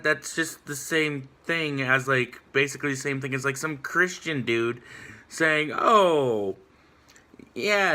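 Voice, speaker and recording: A man's voice: mid-range voice, sharp tone. A man ranting casually in a response vlog, rambling with lots of fillers. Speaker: vlogger.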